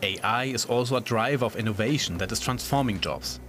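A man narrating a news report. His delivery is measured and even, with faint music behind. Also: medium pitch.

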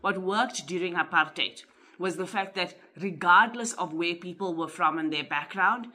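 A woman's voice: on the low side, sharp tone. A woman giving earnest, argumentative commentary in a studio discussion.

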